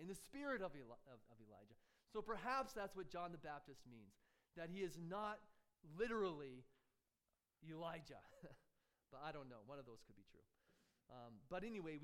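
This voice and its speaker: Male preacher, high voice, conversational sermon delivery full of rhetorical questions and light chuckles. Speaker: pastor.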